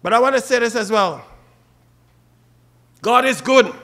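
A man's voice: very high-pitched, animated, unhurried, bright, forceful tone. A man with a Trinidadian accent preaching a funeral sermon and calling out to the mourners by name. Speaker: officiating minister at a funeral.

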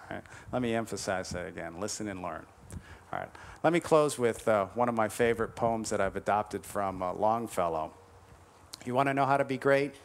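A man giving a motivational lecture to golf teachers, emphatic, slowing on key advice and tagging his points with "all right?". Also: fairly low pitch, creaky, slight background noise. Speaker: conference speaker to golf teachers.

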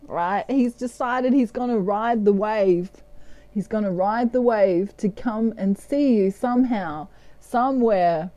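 Slow, mellow-voiced woman reading tarot. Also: a little high, dry recording. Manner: playful, breaks into snatches of song and laughs. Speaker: tarot card reader.

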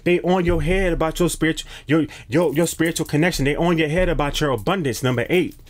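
A man's voice: fairly high pitch, fast. A man giving a casual spiritual tarot reading to his viewers, slangy and emphatic, often repeating phrases and restarting as messages come through. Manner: hesitant restarts when channeling messages. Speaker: tarot card reader.

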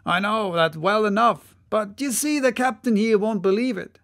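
A fed-up chief mate on an old sailing ship, voiced by a man reading an audiobook, complaining in an exasperated grumble. The voice runs high with a gravelly rasp. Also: normal speed, fairly bright tone. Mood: grumbling. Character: sour irritated male ship's chief mate. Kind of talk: audiobook character voice.

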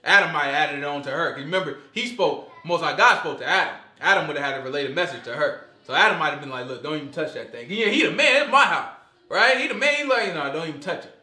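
Animated man teaching in an echoey room. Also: a little high, fast. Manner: animated, conversational, acts out quotes. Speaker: Bible study teacher. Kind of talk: casual Bible study teaching.

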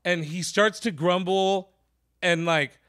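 A man's voice: high-pitched, takes it slowly. A man hosting a podcast, telling a long comedy anecdote in a casual, profane way and acting out the people in it. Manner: animated, profane, acts out voices in his stories. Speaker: podcast host. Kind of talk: casual storytelling.

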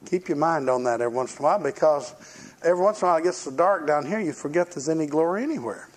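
An older male preacher tells his sermon like a story, folksy and plain-spoken. His voice is husky and slightly raised in pitch. He slips into the voices of the people he talks about. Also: expressive, rapid-fire.

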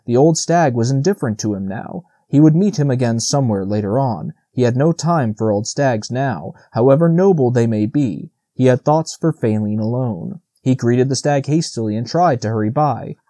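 A man narrating a classic children's novel as an audiobook, steady and even. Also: medium pitch, moderate pace, few pauses, no room sound. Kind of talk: scripted narration.

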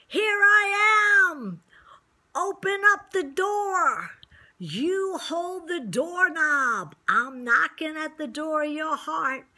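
A woman's voice: sits high, animated, drawn-out words, sharp tone, pitched above the performer's own voice, full character voice. A woman preacher voicing Jesus as a loving man urgently calling someone to open the door. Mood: pleading.

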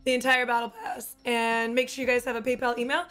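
A young woman who has partly lost her voice, gushing through an excited reaction to new game content. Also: on the high side. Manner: gushing, excitable, quick exclamations. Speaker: gaming YouTuber and streamer. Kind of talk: excited gameplay reaction commentary.

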